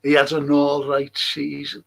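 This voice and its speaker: A man hosts a casual livestream, reading viewer comments aloud and reacting in a blunt, sweary rant. His voice is gravelly and sits a little high for a man. He talks slowly, taking his time over every point. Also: completely flat delivery, a bit bright, low-quality recording. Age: older.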